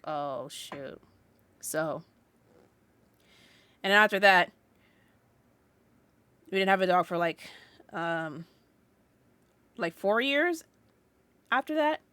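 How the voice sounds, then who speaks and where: A woman's voice: fairly low pitch, a bit bright, smooth, no echo. A young woman co-hosting a casual podcast, telling a story in a rambling way, full of "like" fillers and restarts. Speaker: podcast co-host.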